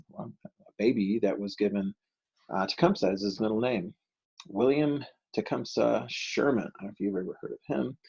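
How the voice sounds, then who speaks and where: A low, gravelly American man lectures on history in a relaxed, chatty way, trailing off into ums and asking his students rhetorical questions. His voice is husky, and the recording sounds dull and lo-fi. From United States. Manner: conversational, filler-heavy, asks rhetorical questions, acts out quotes. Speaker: history teacher.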